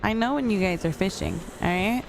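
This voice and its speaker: A woman's voice: mid-range voice, brisk, vocal fry, background noise. A young woman streaming a game, chatting casually, thanking viewers and answering chat. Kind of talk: casual live-stream chat while gaming. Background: faint music.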